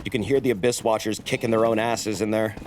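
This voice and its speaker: A man's voice: fairly low pitch, steady tone, fast, noisy background. A man streaming a game, chatting casually and cursing while he explains the lore. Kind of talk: casual gameplay commentary.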